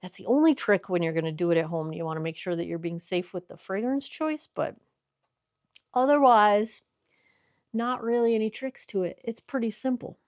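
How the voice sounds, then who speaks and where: Working in her workshop, a woman who runs a small skincare business talks viewers through the steps in a chatty, instructional vlog, fixing her own mistakes as she goes. She speaks at normal speed in a mid-range, darkish voice, recorded in studio quality without room sound.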